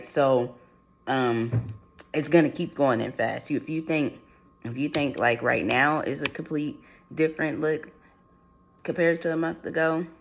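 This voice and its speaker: A man's voice: medium pitch, creaky. A man giving a channeled spiritual reading to his viewers, talking in a loose, rambling way that keeps restarting and repeating itself. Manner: rambling, repetitive, full of restarts and fillers. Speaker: spiritual reader.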